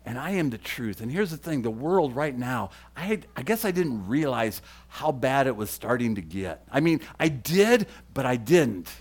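A man preaching a sermon to the camera, with emphatic, repeated phrases that swing between loud declarations and hushed, low lines. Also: sing-song, measured pace, hardly any pauses. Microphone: camera mic.

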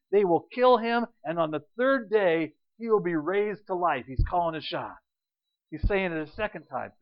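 A man preaching an Easter sermon as pastor, animated and storytelling, acting out scenes and quotes. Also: high voice, lo-fi sound.

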